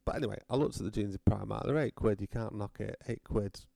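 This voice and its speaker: A man's voice: fairly low pitch, fast, vocal fry, warm tone, no room sound. A British man delivering a rambling, sardonic comedic rant, swearing freely and going off on tangents.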